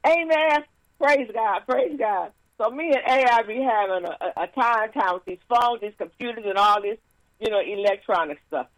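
A woman minister giving a casual sermon with stories and announcements, lively and laughing, with frequent praise interjections. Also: on the high side, normal speed, no room sound, poor audio.

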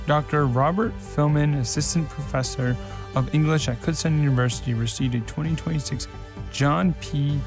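A man reading a scripted college radio news item in a measured, formal way. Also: a little high, music in the background. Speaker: news reader.

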